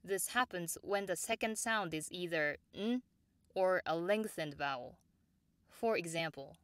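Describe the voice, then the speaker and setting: Woman, pronunciation teacher, slightly low-pitched, unhurried and exact, dry close mic. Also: a bit bright, clear, resonant tone, no room sound. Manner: measured and precise, models example words slowly and repeats them. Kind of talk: slow, clear instructional explanation.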